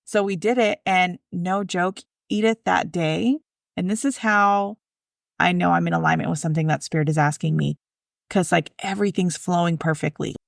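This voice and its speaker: Gravelly low-voiced woman podcast host. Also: normal speed, dry recording, studio quality. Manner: storytelling, lively, retells scenes step by step. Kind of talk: casual spiritual conversation.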